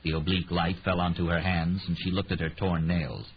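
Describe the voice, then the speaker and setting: A man narrating an audiobook in an expressive reading, voicing every character, on a slightly muffled recording with faint hiss. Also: low voice, a little fast.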